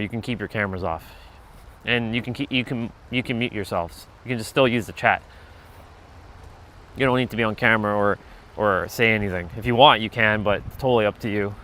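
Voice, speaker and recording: A vlogger with an average-pitched voice walks a wintry trail, phone in hand, livestreaming. His speech is pushed and bright as he rambles through stories in a loose, chatty way, swearing freely and laughing often.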